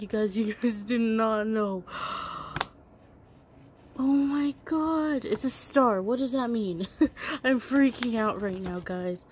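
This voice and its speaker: A young woman vlogger chatting casually to her viewers as she unboxes a toy, excitable and gasping with delight. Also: a little high, slow, breathy edge.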